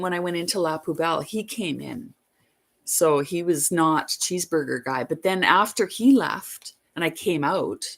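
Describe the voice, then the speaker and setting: A woman hosting a livestream, telling a long story in a rambling, emphatic way. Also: deep voice. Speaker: livestream host.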